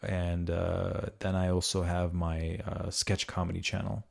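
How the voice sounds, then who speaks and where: A young man hosting a casual podcast chat, swearing freely and getting animated as he makes his points. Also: measured pace, creaky. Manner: animated, swearing freely, jumps into high mocking voices when quoting. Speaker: podcast host.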